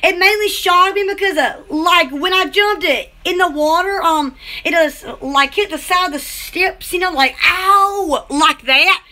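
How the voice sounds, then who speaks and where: Woman livestream host, very high and bright-toned, giggly, rambling chatter to viewers at home. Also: normal speed. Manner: giggly, rambling, exclamatory, blows kisses to viewers. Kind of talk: casual live-stream chat.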